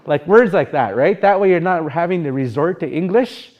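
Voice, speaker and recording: A man's voice: fairly high pitch, animated, moderate pace, lo-fi sound. A man with a Sioux Valley Dakota accent teaching a live language class, talking informally and rambling, singing phrases to show how they should sound.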